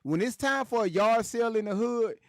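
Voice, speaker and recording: A man hosting a casual livestream, reading chat aloud and joking around in a loud, animated way. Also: very high voice, fairly quick, dry recording, studio quality.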